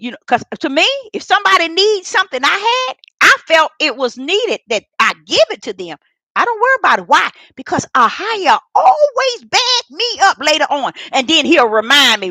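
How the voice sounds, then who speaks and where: An older woman vlogger shares a heartfelt faith testimony in a high, sing-song, sharp voice, talking a little fast with no echo. She repeats herself and speaks directly to her viewers.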